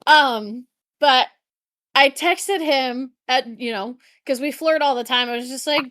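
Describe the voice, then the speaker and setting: A woman's voice: sits high, slow pace, a bit bright, no room sound, clean studio sound. A woman co-hosting a podcast, chatting casually and reading from notes, giggling often, stuttering and swearing freely. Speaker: podcast co-host.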